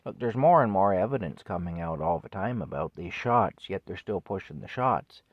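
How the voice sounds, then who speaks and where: A man in his fifties with a low voice delivers an indignant solo rant on his vlog. His talk is scornful, broken by wry chuckles. The sound is close and dry. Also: expressive, moderate pace, no echo, dull audio. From Canada. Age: 50s. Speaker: vlogger. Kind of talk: solo opinion rant to camera.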